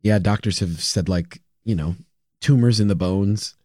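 A man's voice: lowish voice, a little slow, a little mellow, no room sound, clean studio sound. A man co-hosting a podcast in casual chat, rambling through his thoughts. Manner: rambling, many fillers and restarts. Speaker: podcast co-host.

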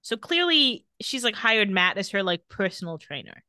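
A woman chatting on a podcast about a TV episode, her voice bright and forceful with a lively, bouncing pitch. She acts out the characters' lines in quick bursts, and the sound is close and dry. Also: clear, resonant tone, no room sound. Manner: animated, quotes characters in quick quips and laughs often. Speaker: podcast co-host recapping a TV episode. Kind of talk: casual chat.

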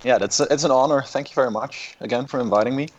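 A man's voice: medium pitch, fast, muffled recording. A young man from the Netherlands with a Dutch accent, a polite, easygoing guest on a casual podcast. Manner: polite, easygoing, laughs easily.

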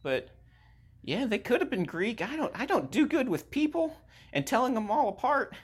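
A woman's voice: on the high side, sing-song, normal speed, breathy edge. A woman playing a dim-witted creature from hell who co-hosts a podcast. She talks in a rambling, scatterbrained way and often loses her thread, in an improvised comedy podcast. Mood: absent-minded. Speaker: co-host. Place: podcast studio.

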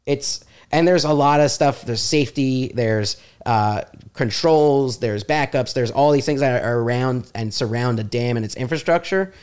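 A man's voice: mid-range voice, normal speed, few pauses, darkish tone, clear, resonant tone. A young adult man, a comedian guest on a podcast, explaining things in a casual, lightly self-deprecating chat.

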